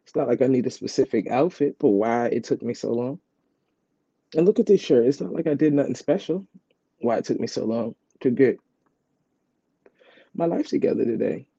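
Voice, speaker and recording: A man's voice: medium pitch, lively intonation, normal speed, gravelly, long pauses, dark tone, breathy edge, no echo. A man telling a rambling, casual story about his day as a vlogger, repeating himself and leaning on "like". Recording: dull, dry lo-fi sound.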